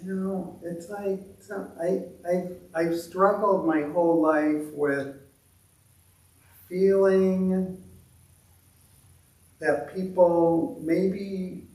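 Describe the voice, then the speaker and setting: A man leading a meditation group, talking in a halting, self-deprecating way with many restarts. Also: high voice. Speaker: meditation leader. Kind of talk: reflective talk to a meditation group. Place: meditation temple hall. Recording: echoey room from a distant mic.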